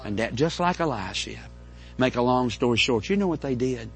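A middle-aged man, preaching a folksy, animated storytelling sermon to a congregation. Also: mid-range voice, normal speed, faint music behind. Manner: folksy, animated, with repeated stammering restarts. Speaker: pastor. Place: church in front of a congregation.

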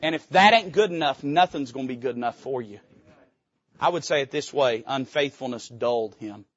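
A man's voice: mid-range voice, normal speed, breathy edge, highs cut off. A male pastor preaching from a church pulpit, emphatic and folksy. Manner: emphatic, folksy, quotes old scripture aloud. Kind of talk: sermon.

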